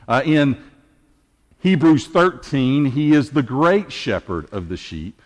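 A man preaching an Easter sermon as pastor, earnest and measured, with emphatic pauses. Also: mid-range voice, big pitch swings, big-room sound.

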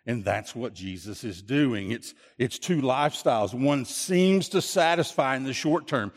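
Earnest preacher in an echoing hall. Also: male voice, mid-range voice, lively intonation, measured pace. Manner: earnest, repetitive, with many restarts. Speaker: pastor. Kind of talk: sermon. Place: church.

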